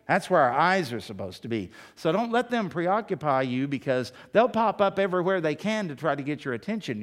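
A male pastor preaching a sermon, emphatic and full of rhetorical questions. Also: a little high.

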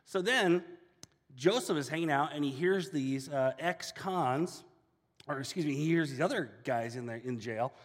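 A man preaching a sermon as a casual, animated storyteller. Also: fairly high pitch, normal speed, in a large hall. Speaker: pastor.

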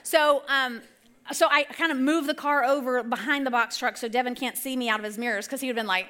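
A woman's voice: sits high, fairly even intonation, brisk, sharp tone. A middle-aged woman telling a rambling, self-correcting personal story in a church sermon. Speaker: church speaker. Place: church stage.

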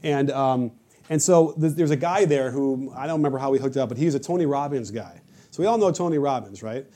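A man telling stories on a podcast in a rapid, animated way, often restarting his sentences. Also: medium pitch. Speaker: podcast guest, basketball coach and creator. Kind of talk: casual podcast conversation.

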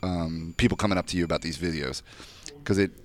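Man, podcast host, very deep voice, easygoing, curious questions, casual chat. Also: quick pace.

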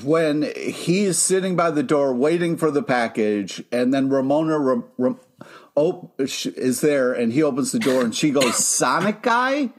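A man co-hosting a casual podcast chat, excitable, with lots of profanity and easy exasperation. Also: medium pitch, unhurried. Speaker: podcast co-host.

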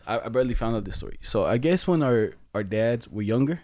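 A man's voice: medium pitch, expressive, fast, a little mellow, dry recording, clean studio sound. A young man telling a family story in casual slangy chat, rambling as he goes.

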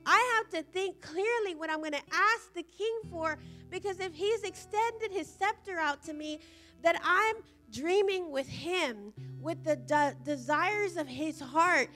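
A woman preaches in a very high, bright voice, earnestly explaining a passage of scripture to her congregation. Faint instrumental music plays softly behind her. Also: unhurried. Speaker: senior church leader. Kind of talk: sermon.

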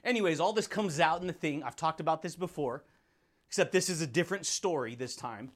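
Fired-up, high-voiced male podcast host. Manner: energetic, slangy, fired up; puts on quick voices for quoted people. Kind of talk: motivational podcast monologue.

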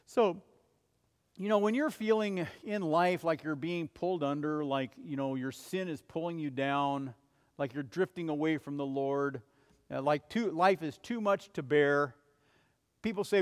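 Pastor guy preaching, kinda high voice, big echoey church sound. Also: a little slow, clean tone. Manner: earnest preaching, rising to urgent cries and dropping to soft, low passages. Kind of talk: sermon.

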